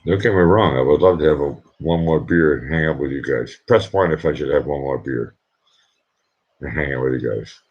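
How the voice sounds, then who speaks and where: A man chatting casually on a live stream, keeping his voice hushed and rambling as he reads out his chat, at home at night. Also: rumbling low, moderate pace. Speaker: livestreamer. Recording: dull lo-fi sound.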